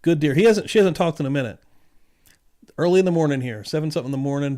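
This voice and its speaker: A man's voice: fairly high pitch, quick pace, mellow. A man hosting a livestream, reading court evidence messages aloud and reacting with blunt, casual asides. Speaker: livestream host reacting to trial clips.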